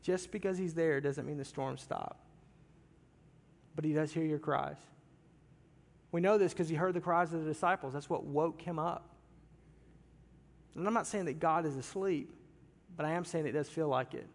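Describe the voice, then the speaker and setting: A man preaching a sermon in a church, impassioned, moving from loud cries down to hushed, quiet passages. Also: a little high, moderate pace, pauses often. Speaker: pastor. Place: large church sanctuary. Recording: long reverb of a big hall.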